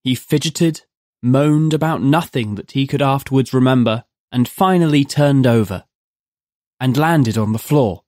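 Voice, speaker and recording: A narrator reading a dark horror story aloud in a measured, vivid storytelling manner. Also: mid-range voice, no room sound, clean studio sound. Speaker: narrator of a horror audio drama.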